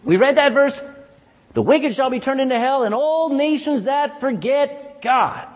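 A man preaching a sermon in a folksy, animated way, often asking the congregation "amen?". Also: very high voice, a little slow, big-room sound. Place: church.

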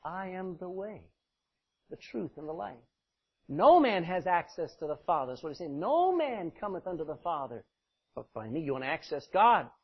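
Animated preacher with a husky voice. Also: male voice, a little high, normal speed. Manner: animated, swings from loud emphasis to quiet asides, laughs often. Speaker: pastor. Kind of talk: sermon. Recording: dull lo-fi recording.

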